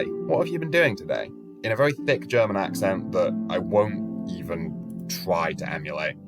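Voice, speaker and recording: A young man in his twenties narrates a travel tale with a wry, self-mocking edge and the odd casual swear. His voice sits on the low side. Clear background music plays beneath him. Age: 20s. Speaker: travel vlogger. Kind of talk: storytelling vlog narration. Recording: music playing under voice.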